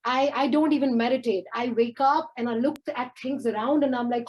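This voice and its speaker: A woman's voice: on the high side, steady tone, brisk, few pauses, a little mellow, low-quality recording. A woman from India doing a brash, profane, rambling stand-up rant at an open mic.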